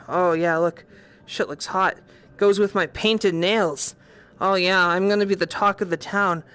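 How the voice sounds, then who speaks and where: A woman with a Boston accent giving casual, profane, excitable commentary while playing a VR game. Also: medium pitch. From Boston, USA. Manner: profane, excitable, thinking aloud. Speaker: VR game streamer. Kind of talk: casual let's-play commentary.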